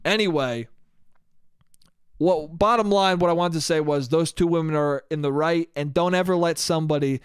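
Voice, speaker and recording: A high-voiced man rants through a story on his solo podcast, swearing freely and sounding exasperated. The recording is close and dry, with no room sound around him. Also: normal speed, clear, resonant tone, no echo. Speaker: podcast host. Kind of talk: casual solo podcast monologue. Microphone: podcast microphone.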